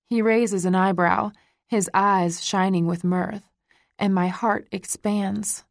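A woman narrating a first-person romance audiobook in a slow, intimate reading voice. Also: mid-range voice, fairly even intonation, gravelly, no echo, clean studio sound.

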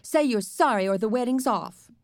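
Bossy dramatic little girl, woman doing the voice, high and dry sounding. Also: lively intonation, normal speed, no room sound. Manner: gushing and bossy.

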